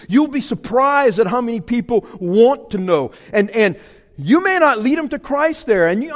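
Folksy preacher in a reverberant hall. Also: male voice, high-pitched. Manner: folksy, animated storytelling with sudden loud bursts. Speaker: pastor. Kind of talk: sermon with personal story.

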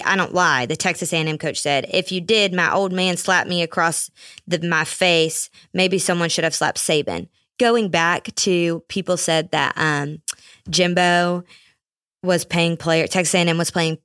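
Young woman host, low voice, dry close mic, sarcastic solo rant, casual. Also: unhurried, dry recording. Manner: sarcastic, animated, mocking asides. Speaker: podcast host.

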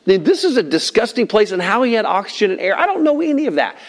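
A man's voice: sits high, big pitch swings, fast. A male pastor preaching a sermon, emphatic and playful, with joking asides and repeated phrases.

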